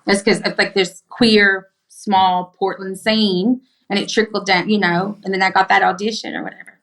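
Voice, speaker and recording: A middle-aged woman from Arkansas with a Southern accent, a podcast guest telling stories in emphatic, animated casual chat with plenty of swearing. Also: medium pitch, moderate pace, creaky.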